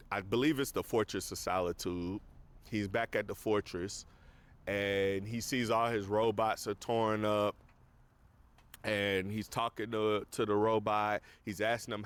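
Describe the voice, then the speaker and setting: A man's voice: on the low side, clean tone. A man casually recapping a movie on a podcast, rambling with lots of fillers. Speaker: podcast host.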